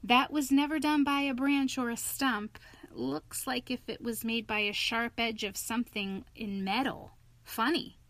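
A woman voicing a clever, eager male water rat who speaks in an emphatic, impatient and excitable way. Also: on the high side, measured pace, dry recording. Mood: kindly.

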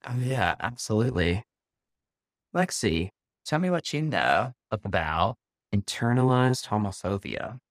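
Low-voiced Southern man co-hosting. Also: very animated, unhurried, no echo, clean studio sound. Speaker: podcast co-host. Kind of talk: casual chat.

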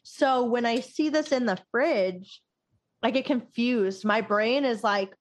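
A woman's voice: a little high, unhurried. Giggly rambling young woman host. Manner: giggly, rambling, with frequent fillers. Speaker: podcast host. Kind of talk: casual chat.

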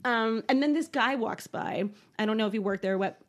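A woman in her thirties telling a story in casual chat, animated, laughing often and swearing freely. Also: on the high side, brisk.

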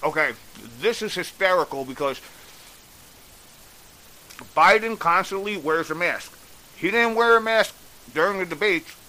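A man's voice: on the high side, bright, forceful tone, rough recording. A man delivering a blunt, exasperated opinion rant on a vlog, swearing freely as he goes. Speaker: political commentator.

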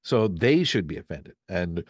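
A man's voice: low-pitched, sing-song, unhurried, slightly rough, dry recording, studio quality. A man from Canada, a voice actor, talking as a podcast guest in a rambling, storytelling way, acting out little quotes as he goes. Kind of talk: casual podcast chat.

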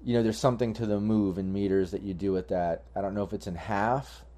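Low mellow-voiced man running a game. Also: steady tone, brisk. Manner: rambling, many fillers and restarts. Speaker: game master. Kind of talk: running a tabletop game online.

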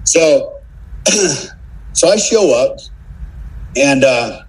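A man's voice: mid-range voice, animated, drawn-out words, a little mellow, husky, rough recording. A middle-aged man, a former special forces soldier appearing as a podcast guest, telling a story in casual conversation. He acts out the dialogue, laughs often and keeps checking in with "right?".

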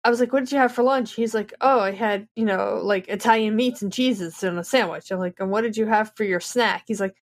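A woman in her thirties on a casual podcast, telling a story with lively back-and-forth dialogue. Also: mid-range voice, brisk, hardly any pauses. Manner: animated storyteller, acts out both sides of dialogue. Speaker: podcast co-host.

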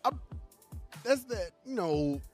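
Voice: mid-range voice, animated, slow, over music. A podcast co-host in casual chat, laid-back and teasing, talking into a studio mic.

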